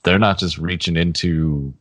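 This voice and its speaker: Very deep-voiced man chatting casually. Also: a little slow, no echo. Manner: relaxed, laughs often, trails off. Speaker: podcast co-host. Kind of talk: casual chat.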